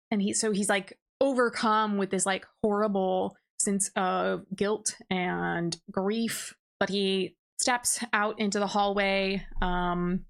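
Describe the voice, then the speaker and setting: Woman, book reviewer, casual recap, rambling fillers, mid-pitched voice, desk mic. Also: steady tone, slow, vocal fry, few pauses. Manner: chatty, filler-heavy with frequent "like" and laughs. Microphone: desk microphone.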